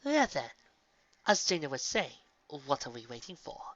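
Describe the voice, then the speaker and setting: A man's voice: on the high side, sing-song, normal speed, a bit bright, no room sound. A man voicing a decisive young woman warrior in a fan-fiction reading, speaking firmly and plainly. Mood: eager. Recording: dull lo-fi recording.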